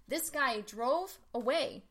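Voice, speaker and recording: Brief: bright, forceful woman with a slightly high voice, chatty storyteller full of "like" fillers. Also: slow pace. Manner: animated storyteller, lots of "like" fillers. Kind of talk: casual chat.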